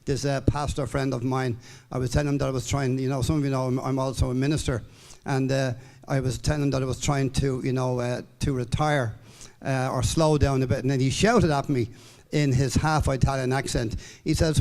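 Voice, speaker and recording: A man's voice: medium pitch, flat delivery, fairly quick, gravelly, few pauses, darkish tone. Upbeat Irish man in his seventies. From Ireland. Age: 70s. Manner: rambling, upbeat, with frequent fillers and restarts. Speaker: company distributor giving a speech. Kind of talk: speech to a live audience. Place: hall with an audience.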